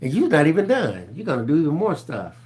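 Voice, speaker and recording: A man's voice: on the high side, quick pace. A man co-hosting a live craft stream, casually chatting and reading out viewer comments with jokes. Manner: animated, reads comments aloud, jokey.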